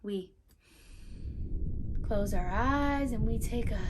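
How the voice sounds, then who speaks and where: A woman reading a picture book aloud to young children as their teacher, animated and talking straight to her listeners with questions. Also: on the high side, measured pace, noisy background. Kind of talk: children's read-aloud lesson.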